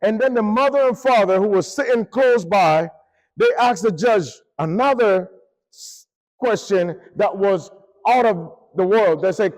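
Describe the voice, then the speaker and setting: High-voiced man preaching in a reverberant church. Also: a little slow. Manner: animated, rises and falls in pitch and force. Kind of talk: sermon storytelling. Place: church hall.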